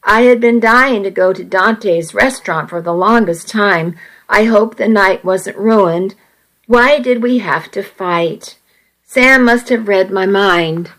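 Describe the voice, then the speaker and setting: A woman reading a first-person story aloud, slowly, evenly and carefully. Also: medium pitch, fairly bright tone, poor audio. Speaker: narrator.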